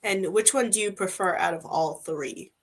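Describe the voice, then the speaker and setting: A young woman hosting a casual interview, chatty and animated, with lots of filler words. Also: medium pitch, moderate pace. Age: young adult. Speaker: podcast host interviewing a student.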